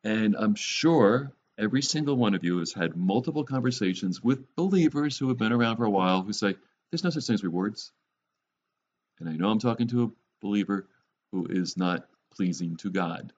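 Low-voiced preacher with wry asides. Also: male voice, expressive, brisk, a little mellow, lo-fi sound. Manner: wry, joking asides with sarcasm. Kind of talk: conversational sermon.

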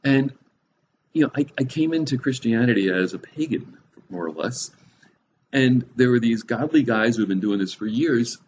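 A man's voice: medium pitch, animated, moderate pace, darkish tone, dull audio, a little hiss or hum. A middle-aged man giving a casual, conversational Bible teaching, thinking aloud with fillers and asides.

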